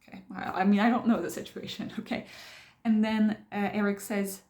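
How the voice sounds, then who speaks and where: A woman's voice: medium pitch, flat delivery, moderate pace, darkish tone. A woman casually talking through a book she is reading, explaining it step by step as she thinks aloud. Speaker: channel host discussing a self-help book. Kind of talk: casual spoken book commentary. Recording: roomy echo.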